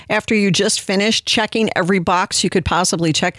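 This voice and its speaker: A woman host delivers opinion commentary with sarcastic disbelief and open indignation. Her voice sits at a middle pitch, and the sound is dry and close. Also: very animated, brisk, few pauses, a bit bright, no echo.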